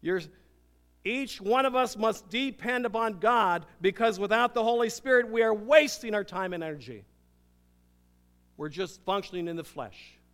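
An older man, a pastor, preaching a sermon with emphatic swings between loud declarations and hushed, intimate moments. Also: sits high, expressive, moderate pace. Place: church sanctuary. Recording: long hall reverb.

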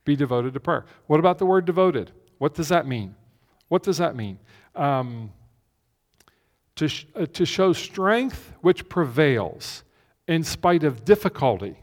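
A man's voice: a little high, big pitch swings, measured pace. Man preaching in a reverberant hall. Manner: conversational, repeats key phrases for emphasis. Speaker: pastor. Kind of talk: sermon. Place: church with a screen behind him. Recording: long reverb of a large hall.

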